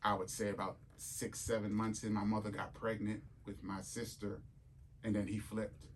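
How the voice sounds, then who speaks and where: A middle-aged man, a guest in a casual interview who tells stories in a lively way and acts out the voices in them. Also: fairly low pitch, normal speed, slight background noise. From New York City. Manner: animated, acts out quotes and voices in his stories.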